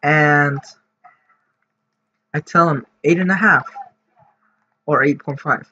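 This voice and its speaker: A man's voice: fairly high pitch, slow pace, sharp tone. A man telling a story for his vlog in a casual, rambling way, full of fillers and restarts. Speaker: vlogger. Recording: dull lo-fi audio with faint noise.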